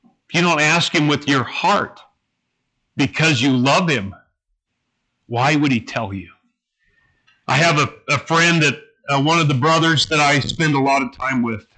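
A man preaching a sermon to his congregation, earnest and halting, with restarts. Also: a little high, sharp tone, rough recording. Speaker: pastor.

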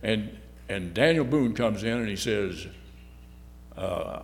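A man giving a sermon, halting and repeating words, his voice swinging between loud and soft. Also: fairly low pitch, animated, creaky. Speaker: lay preacher. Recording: long hall reverb.

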